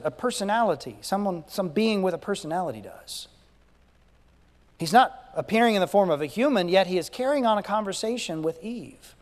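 A male pastor preaching a sermon, emphatic, repeating key phrases and asking rhetorical questions. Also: sits high. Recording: long echoing reverb.

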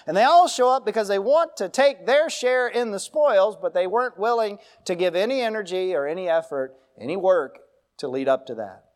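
Pastor, male, higher voice, church sermon with homespun asides. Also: expressive, normal speed. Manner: preaching with folksy asides and storytelling.

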